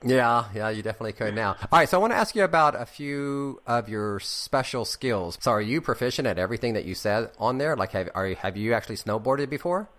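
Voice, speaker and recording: A man's voice: mid-range voice, animated, brisk, hardly any pauses, a bit bright. A man interviewing a young actor, chatty and encouraging, handing out practical advice. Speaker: interviewer, acting coach. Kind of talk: casual interview.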